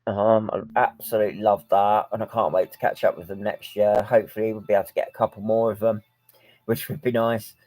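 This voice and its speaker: A man's voice: lowish voice, steady tone, a little fast, darkish tone, no room sound, low-quality recording. A man talking frankly to camera in a personal vlog, rambling with many filler ums. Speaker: vlogger.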